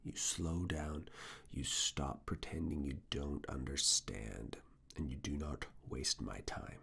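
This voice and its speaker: A creator in a whispered role-play as a university professor, coaxing and quietly commanding, close to the mic. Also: rumbling low, lively intonation, takes it slowly, slight background noise. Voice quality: breathy whisper. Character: teasing university professor giving private review. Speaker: ASMR roleplay creator.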